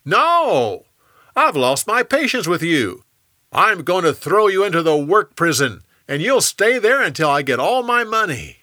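Man doing a greedy debtor, raised pitch, forceful delivery, storybook character. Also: lively intonation, slow pace, creaky, no echo, studio quality, exaggerated voice. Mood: harsh. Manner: pleading, then harsh.

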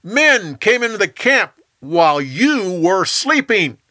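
A man's voice: a little high, animated, slow pace, a bit bright, dry recording, studio quality. A man voicing earnest young warrior David. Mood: shouting. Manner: earnest and firm. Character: young warrior David, a loyal future king.

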